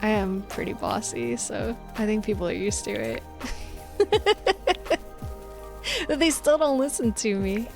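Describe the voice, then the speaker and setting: A woman's voice: fairly high pitch, expressive, measured pace, vocal fry, pauses often, music in the background. A young woman streaming live, chatting casually with her viewers in a bossy, laughing way and acting out what people say. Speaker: Twitch streamer.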